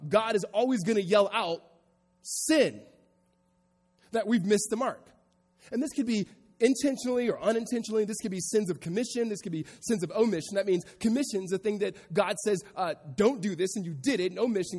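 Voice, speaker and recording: A male pastor preaching a sermon to a congregation, moving from quiet reflection into loud, emphatic passages. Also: high voice, lively intonation, quick pace, husky, long reverb tail. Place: church hall with congregation.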